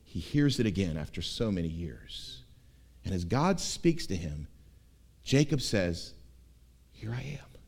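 Man, pastor, sermon, very animated pitch, emphatic, repeats key words, loud-to-hushed swings. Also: a little slow. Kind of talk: expository sermon.

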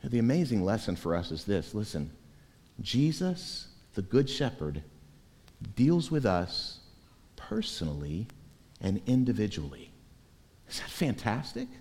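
A pastor preaching a sermon, animated and shifting between soft and loud delivery. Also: male voice, fairly low pitch, a little slow, long pauses. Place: church sanctuary. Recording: reverberant church hall.

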